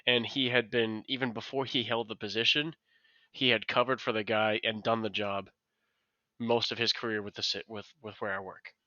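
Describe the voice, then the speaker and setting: Podcast co-host, male, bright edge, dry close mic with a slightly dull sound; animated, candid storyteller. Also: fairly low pitch, normal speed, no room sound. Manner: animated storytelling, swearing freely. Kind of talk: casual chat.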